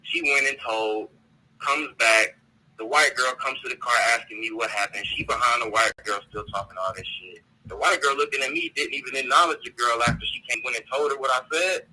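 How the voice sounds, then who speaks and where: A man's voice: medium pitch, fairly quick, sharp tone, low-quality recording. A man calling in to a talk show, ranting bluntly and with profanity, often repeating words as he searches for them. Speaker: caller. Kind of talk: heated call-in rant.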